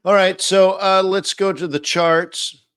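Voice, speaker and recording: A man's voice: high-pitched, fairly even intonation, measured pace, a bit bright, clean tone, no room sound, clean studio sound. A man hosting a live market-analysis stream, talking casually and rambling with many fillers and restarts.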